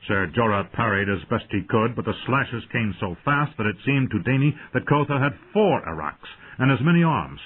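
A man reading a fantasy audiobook in a dramatic, lively narrating style over tinny phone-like audio. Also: medium pitch, normal speed, hardly any pauses, slightly rough.

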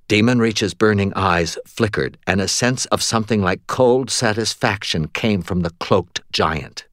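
A man's voice: lowish voice, lively intonation, measured pace, fairly bright tone, no room sound, clean studio sound. A man reading a first-person story aloud, wry and tired in tone. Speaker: audiobook narrator. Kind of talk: first-person scripted narration.

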